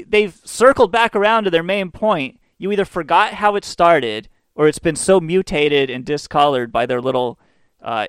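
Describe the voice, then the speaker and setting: A male radio host rambles through crude, sardonic anecdotes. His voice sits a bit high and sounds smooth and resonant. It is recorded close and dry, with no room sound. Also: dry recording. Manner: profane, sardonic rambling storyteller. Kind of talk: casual monologue.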